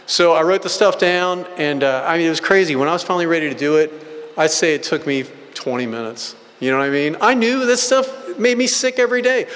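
Rambling, fast-talking man in a reverberant hall. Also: on the high side, fairly bright tone. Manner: rambling, casual, blunt storytelling with filler words. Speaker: recovery meeting speaker. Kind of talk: personal recovery testimony.

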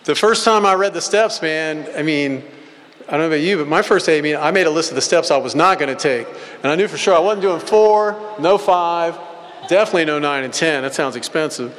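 A man's voice: on the high side, a little fast, fairly bright tone. A man giving a personal recovery testimony at a meeting, telling stories in a blunt, rambling, casual way full of filler words. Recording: hall with long reverb.

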